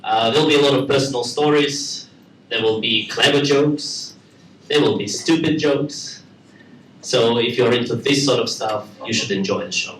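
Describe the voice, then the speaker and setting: A man with a Russian accent performing stand-up comedy for a live audience, with a deadpan delivery. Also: mid-range voice, normal speed, reverberant, far from the mic, slight background noise, poor audio. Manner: deadpan delivery, with acted-out character voices. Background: audience laughter.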